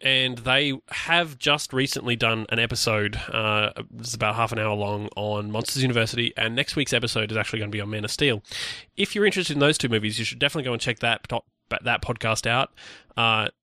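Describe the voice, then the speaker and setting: Bright-voiced man rambling on a podcast. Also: mid-range voice, brisk, hardly any pauses, no echo, clean studio sound. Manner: rambling, lots of restarts and fillers. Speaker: podcast co-host. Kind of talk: casual podcast chat.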